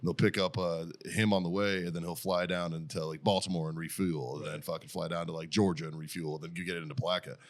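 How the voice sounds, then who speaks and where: A man's voice: low-pitched, fairly even intonation, fast, hardly any pauses. A man, co-hosting a podcast in casual chat, telling a story with lots of swearing and laughter. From Boston area. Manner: profane storytelling, retelling texts with laughter. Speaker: podcast co-host.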